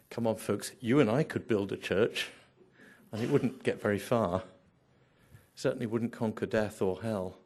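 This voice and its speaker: A man's voice: medium pitch, a little mellow. A man preaching a sermon, emphatic, building through repeated phrases and rhetorical questions.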